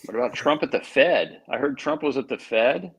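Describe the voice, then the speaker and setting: A man in casual political chat who chimes in with quick agreeing remarks. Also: medium pitch, expressive, vocal fry, husky. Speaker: panelist.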